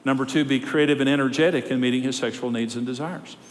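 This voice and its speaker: A man, a marriage counselor, teaching a live seminar in an emphatic, wry way that builds to loud exhortation. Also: medium pitch, steady tone, fast talker, a little hiss or hum. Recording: long reverb of a large hall.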